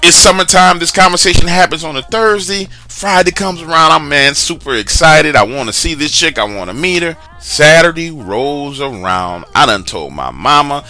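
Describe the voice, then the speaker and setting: A man telling a true story from his own life in a casual, lively way, speaking straight to the listener with slang asides. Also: on the high side, moderate pace, few pauses, soft background music. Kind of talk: casual first-person storytelling.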